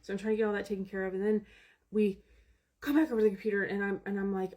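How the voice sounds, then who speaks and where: Husky lady ranting fast about her day, keeps restarting, exasperated. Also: mid-range voice, steady tone, mellow. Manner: rambling and exasperated, with many restarts. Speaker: vlogger. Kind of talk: casual storytelling vlog.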